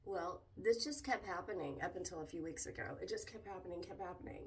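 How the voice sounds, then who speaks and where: A middle-aged woman vlogging candidly about her struggles, halting and emotional, with many restarts. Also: fairly low pitch, expressive, far from the mic. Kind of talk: candid personal vlog talk.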